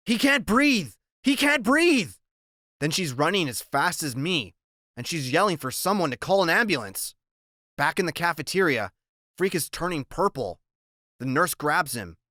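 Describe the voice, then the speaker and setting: A man's voice: on the high side, pushed and bright, dry recording, studio quality. A man narrating an audiobook in the first person, in a plain, conversational storytelling manner.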